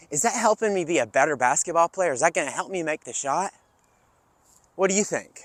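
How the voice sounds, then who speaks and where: Animated man hosting a kids' lesson. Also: on the high side, brisk, no echo. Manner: animated, coaching kids through breathing and movement. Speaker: kids' fitness and social-emotional learning host. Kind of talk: energetic kids' lesson, talking to camera.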